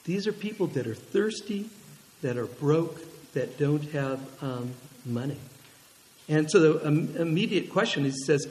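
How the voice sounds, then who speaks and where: Animated high-voiced preacher in a reverberant hall. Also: male voice, normal speed. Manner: lively, animated storytelling with audience questions. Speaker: pastor. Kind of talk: sermon.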